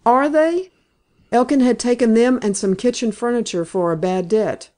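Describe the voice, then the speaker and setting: A woman reading a novel aloud in steady, even scripted narration. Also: a little high, normal speed. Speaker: audiobook narrator.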